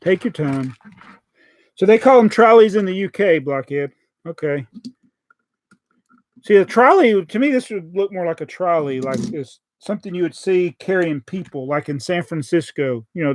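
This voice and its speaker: A man's voice: sits high, lively intonation, moderate pace, no echo. A man with a Southern American accent, chatting casually on a live stream as he builds a toy set, joking and reading out viewer comments. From Southern United States.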